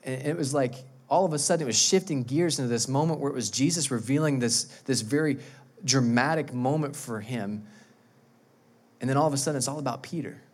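A male pastor who preaches an animated, emphatic sermon and often repeats words. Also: medium pitch, brisk.

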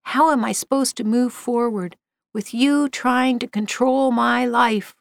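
A woman's voice: a little high, steady tone, measured pace, creaky, no echo, studio quality. Woman narrator doing a fed-up adult son, storybook reading, plain voice. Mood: bitter.

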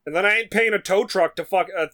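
A man telling a frustrated story in casual chat, animated and swearing, acting out what people said. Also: sits high, quick pace. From New York. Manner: animated, swearing, acts out quotes. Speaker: podcast co-host.

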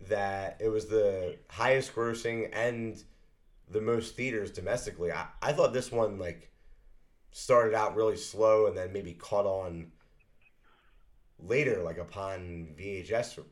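A man co-hosting a podcast in casual movie chat, rambling and hesitant with many fillers. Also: on the low side. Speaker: podcast co-host.

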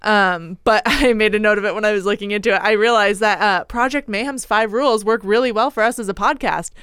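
A woman's voice: medium pitch, fairly quick, a bit bright, smooth, dry recording, clean studio sound. A woman in her thirties from Oregon co-hosting a podcast, chatting casually and laughing often. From Oregon, United States. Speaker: podcast co-host. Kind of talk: casual chat.

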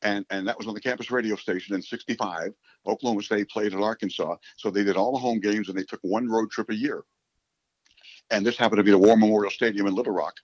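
Older man, low, dull dry recording. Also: quick pace, no room sound. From New York City. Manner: rambling storyteller, repeats words, animated asides. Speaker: sportscaster. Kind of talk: reminiscing in a long interview answer.

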